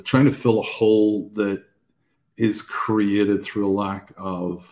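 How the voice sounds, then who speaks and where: Male podcast co-host, deep and even, wry and self-mocking, sincere underneath. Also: slow pace. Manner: jokey and self-deprecating, then earnest. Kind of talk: casual faith conversation.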